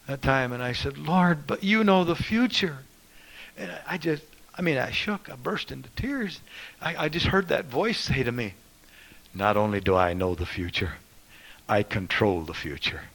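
A man preaching a fervent sermon, reading scripture in a ringing voice and swinging between loud proclaiming and hushed asides. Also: mid-range voice, expressive, normal speed, rough recording.

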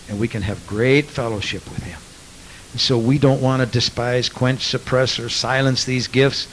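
A man preaching a sermon as pastor, swinging between hushed asides and loud, rapid build-ups. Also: lowish voice, a little hiss or hum, rough recording.

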